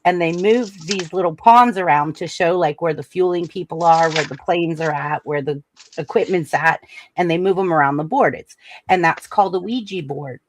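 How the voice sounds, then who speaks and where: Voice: medium pitch, moderate pace, a little hiss or hum. Chatty host explaining in a casual ramble. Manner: chatty, heavy on "like" fillers. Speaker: show host. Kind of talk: casual chat.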